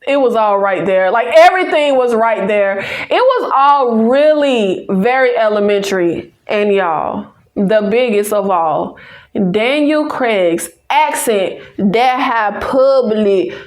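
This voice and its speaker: A Southern American woman with a fairly high voice talks straight to her viewers about movies. She is chatty and sassy, full of teasing asides as she reviews each film for her channel. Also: lively intonation, takes it slowly. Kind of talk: casual movie review to camera.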